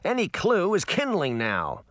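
A cocky young fairy boy who shouts taunts in a raised, bright voice, as a man voices him in an audiobook. His voice jumps up and down with swagger. The sound is dry and close. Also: high-pitched, wildly swooping pitch, unhurried, no room sound, pitched above the performer's own voice, heavily acted. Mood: wry. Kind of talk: audiobook character voice.

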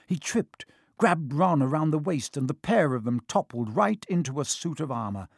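An audiobook narrator telling a story in an animated, expressive way. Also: moderate pace, husky, dry recording, clean studio sound. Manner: animated storytelling, varied pitch. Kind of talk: scripted narration.

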